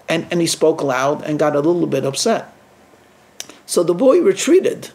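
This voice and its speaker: A rabbi telling a story in a sermon, lively and acting out the people he quotes. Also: on the high side, normal speed, gravelly. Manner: lively teller who acts out quoted speech.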